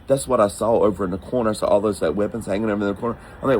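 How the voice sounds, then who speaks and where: Racing along at a fairly low pitch, a man shares a travel experience of his own, casual and lively, imitating the people he quotes. It's a low-quality recording with a little hiss or hum.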